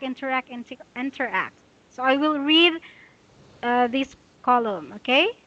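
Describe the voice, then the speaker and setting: A woman teaching English pronunciation, explaining slowly and repeating her instructions patiently. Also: high-pitched, bright, forceful tone, dull audio. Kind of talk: giving a pronunciation lesson.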